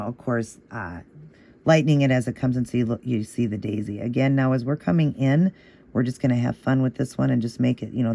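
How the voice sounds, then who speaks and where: Speaking at a medium pitch, a man guides viewers through nail art one step at a time in a laid-back way. His gravelly, mellow voice holds a steady rhythm as he patiently repeats moves and offers encouragement.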